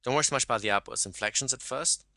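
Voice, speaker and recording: A man's voice: medium pitch, rapid-fire, bright, forceful tone, no room sound. A man coaching a caller one-to-one, explaining exercises step by step and often checking in with "right?".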